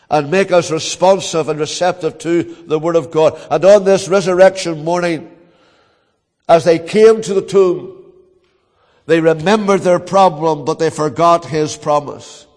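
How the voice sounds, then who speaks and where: An older man with a Northern Irish accent preaching a sermon as a pastor, telling stories earnestly with dramatic pauses. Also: a little high, darkish tone, long reverb tail.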